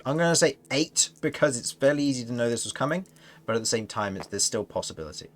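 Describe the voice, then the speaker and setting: A man's voice: medium pitch, expressive, fast talker. A man narrating as game master of a tabletop fantasy game, rambling and correcting himself as he goes. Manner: rambling, self-correcting narration with frequent laughs.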